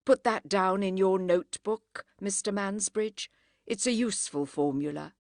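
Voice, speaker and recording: A woman reading a firm, proud Edwardian lady who speaks crisply and does not yield. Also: mid-range voice, expressive, measured pace, a little mellow, dry recording, studio quality. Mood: defiant. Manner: crisp and unyielding.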